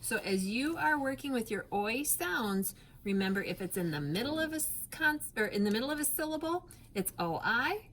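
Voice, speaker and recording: A woman teaching a phonics lesson to young children, patient and clear, stretching out sounds and spelling letters one by one. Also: on the high side, very animated, moderate pace, few pauses, fairly bright tone, slight background noise.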